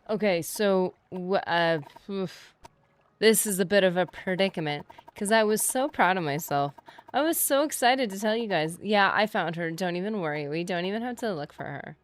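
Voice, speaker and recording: A woman's voice: lowish voice, expressive, measured pace. A woman streaming a game live, chatting playfully with her viewers as she plays. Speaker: gaming streamer. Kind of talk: casual live gameplay commentary.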